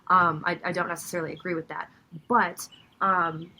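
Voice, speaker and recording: On a rough recording with slight background noise, a young Minnesota-accented woman chats casually as a podcast guest; she works as a commentator and voice actor. She sounds thoughtful and talkative, laughs a lot, and speaks at a moderate pace in a fairly low, level, gravelly voice with a sharp tone.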